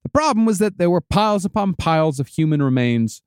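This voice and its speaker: A man's voice: high-pitched, lively intonation, a little fast, darkish tone, clean tone, no echo. Man telling a story, dry close mic. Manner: laid-back, swears casually, laughs often. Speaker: podcast host telling the story. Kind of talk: casual storytelling.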